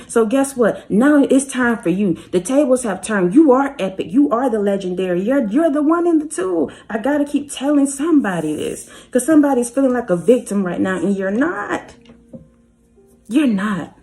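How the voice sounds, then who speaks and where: Her voice fairly high and a little mellow, a spiritual reader speaks with fervor to her viewers, repeating herself and urging them on directly in a motivational address.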